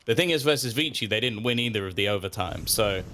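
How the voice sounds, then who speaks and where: A man doing relaxed color commentary on an esports match, analytical and quick to laugh. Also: lowish voice, noisy background. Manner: laid-back, analytical, laughs easily.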